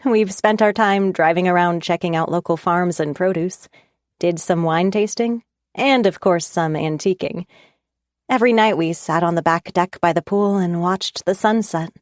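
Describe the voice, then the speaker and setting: Low-voiced woman narrating a romance. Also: moderate pace, dry recording, clean studio sound. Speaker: audiobook narrator. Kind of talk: first-person romance audiobook narration.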